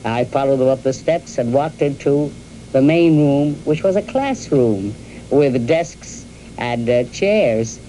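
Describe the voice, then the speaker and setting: An older woman from New York telling the story of her youth and marriage to her husband, in a halting storytelling way with repeated words and fillers. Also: a bass voice, lively intonation, dark tone, slight background noise, poor audio. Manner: addresses her husband directly. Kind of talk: reminiscing in an archival interview.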